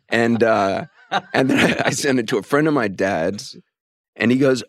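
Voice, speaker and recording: A man in his fifties hosting a podcast, speaking in a soft, thoughtful way with frequent pauses and fillers. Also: mid-range voice, very animated, no echo, studio quality. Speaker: podcast host. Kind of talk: reflective podcast conversation and narration.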